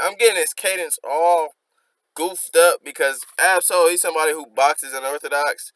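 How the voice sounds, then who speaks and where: A man's voice: a little high, moderate pace, fairly bright tone, no echo, low-quality recording. A man hosting a music reaction, reflectively explaining song lyrics line by line in casual slang.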